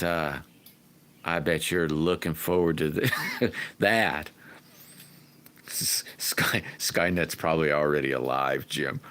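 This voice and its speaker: A man hosts a casual livestream, reading out viewer comments in a friendly, rambling way. His voice sits very low and he talks slowly, then breaks into loud whoops when regulars arrive. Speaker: livestream host.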